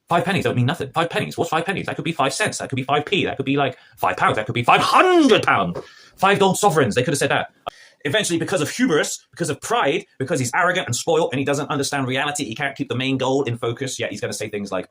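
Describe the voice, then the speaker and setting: A man's voice: medium pitch, sing-song, fast talker, fairly bright tone, slightly rough. A man reviewing a TV episode in a casual, exasperated and sarcastic rant.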